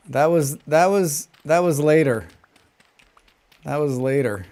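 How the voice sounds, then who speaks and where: A man with a flat General American accent, a game streamer chatting casually while he plays, rambling from point to point and humming little tunes to himself between remarks. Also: fairly high pitch, slow, pauses often. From western United States. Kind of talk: casual chat while gaming and reading chat.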